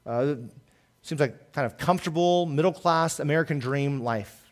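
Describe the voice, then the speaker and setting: Earnest preaching man, higher-pitched voice. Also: normal speed. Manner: earnest preaching, swells louder on key points then drops soft. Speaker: pastor. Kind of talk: sermon.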